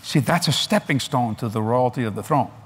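An older man preaching a sermon at a large convention, animated and folksy, laughing between points. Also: mid-range voice, brisk, slightly rough.

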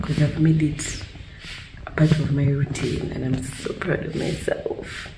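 A young woman from Uganda talking casually to her phone camera in a vlog, chatty and often sliding into soft half-whispered asides. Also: low-pitched, fairly even intonation, unhurried, noisy background. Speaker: vlogger.

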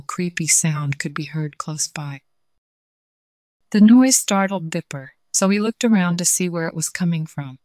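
A woman reading a children's story aloud in a calm, even storytelling manner. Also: fairly low pitch, no echo.

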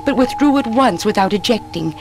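An actress playing a young woman who narrates her own ordeal in a steady, grave voice, in a 1960s spoken-word drama recording. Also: on the high side, fairly quick, over music.

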